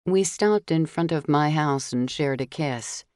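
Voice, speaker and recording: Low-voiced woman narrating a story. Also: unhurried, dry recording, clean studio sound. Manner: steady, clear storytelling with voiced dialogue. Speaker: audiobook narrator. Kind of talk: first-person audiobook narration.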